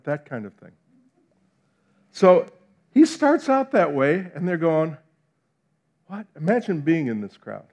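A middle-aged New Jersey man with a local accent preaches a sermon animatedly, acting out quotes and swinging between loud and hushed. His voice sits on the high side.

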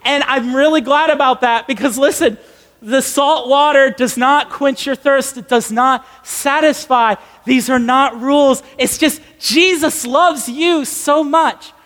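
A young man in his twenties preaching in a casual storytelling style, animated, emphatic and self-mocking. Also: very high-pitched, a little slow. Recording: long echoey hall reverb.

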